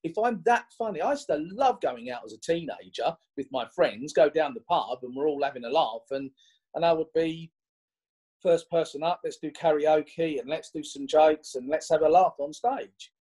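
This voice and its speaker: A man, a magician guest telling stories in an animated, chatty way with many restarts. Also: fairly high pitch, normal speed, husky, poor audio. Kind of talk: conversational interview storytelling.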